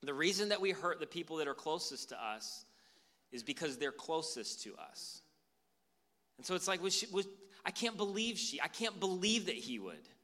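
A man preaching a sermon as pastor, animated and conversational. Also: on the high side, normal speed.

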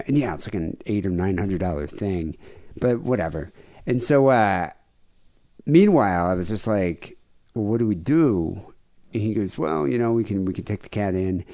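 A man's voice: fairly low pitch, dark tone. A man co-hosting a podcast in casual chat, grieving as he tells a long, profane, rambling story. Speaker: podcast co-host.

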